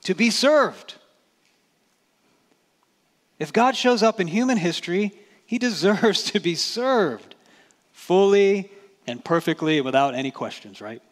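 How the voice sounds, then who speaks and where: A man's voice: high voice, expressive, a little slow, pauses often. A man preaching a sermon as pastor, talking to the congregation in a conversational way and asking rhetorical questions. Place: church sanctuary. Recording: church hall reverb.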